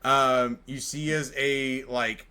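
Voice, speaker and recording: A man's voice: medium pitch, fairly even intonation, takes it slowly, bright, forceful tone, smooth. A man narrating a tabletop game as game master, rambling and full of fillers.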